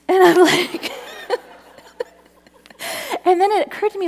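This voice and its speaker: A woman's voice: extremely high pitch, animated, slow, creaky, long pauses. Middle-aged woman, personal testimony teller, earnest and laughing, echoing hall sound. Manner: earnest, breaks into laughter as the story builds. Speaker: storyteller. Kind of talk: personal faith storytelling.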